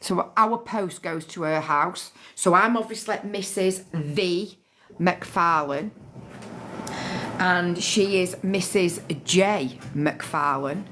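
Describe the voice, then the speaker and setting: A woman's voice: fairly low pitch, takes it slowly, a bit bright, a little hiss or hum. A middle-aged woman, chatting casually on a phone livestream and thanking viewers by name. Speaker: livestream host.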